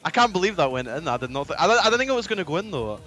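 A young Scottish man chatting on a live gaming stream, excitable and swearing freely, often breaking into laughter. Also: a little high, racing. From Scotland. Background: faint music.

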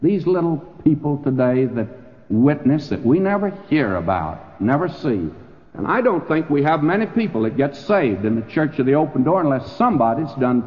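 Older man, sermon, folksy and emphatic, slightly high voice, tinny lo-fi recording, church hall reverb. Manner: folksy preaching with rising emphatic peaks. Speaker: pastor. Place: church sanctuary. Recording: lo-fi phone-like old radio recording with long hall reverb.

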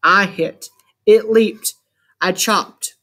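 A man reading a first-person adventure story aloud as an audiobook narrator, with measured, dramatic storytelling. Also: high voice, bright, forceful tone.

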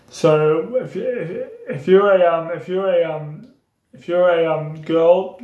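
A young man speaks in a fairly high, slightly mellow voice in a casual vlog. He's a YouTuber who does impressions, and he explains them in a rambling, repetitive way inside an echoey room.

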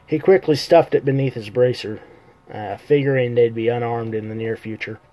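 A man's voice: mid-range voice, fairly even intonation, moderate pace, mellow, low-quality recording. A man reading his own fantasy novel aloud on a live stream, casual, often fixing his own slips. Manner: self-correcting, casual slips. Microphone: computer or phone mic on a live stream.

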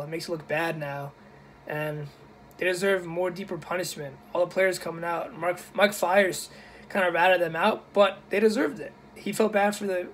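A young man ranting casually to his camera, indignant and blunt, in a husky voice. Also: high voice. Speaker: YouTuber.

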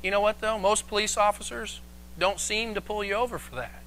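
A man preaching a sermon as pastor, animated and acting out the voices he quotes. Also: high-pitched, fairly quick, a little hiss or hum. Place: church, live stream.

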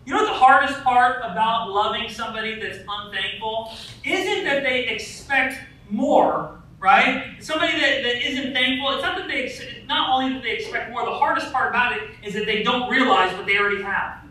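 In a church sanctuary, a pastor with an extremely high, sharp voice preaches at normal speed. He talks conversationally, tossing in frequent "right?" asides and stories about his family. The hall is echoey, his voice sounds distant, and there's faint noise.

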